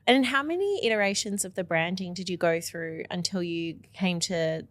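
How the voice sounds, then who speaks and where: A woman's voice: fairly low pitch, moderate pace, no room sound. A woman hosting a casual podcast interview, friendly and curious, laughing easily with her guest. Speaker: podcast host.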